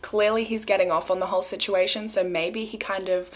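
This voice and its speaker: A woman's voice: mid-range voice, steady tone, brisk. A young Australian woman narrating a true crime case in a chatty, conversational way, full of asides. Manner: chatty, conversational, with frequent asides and filler phrases.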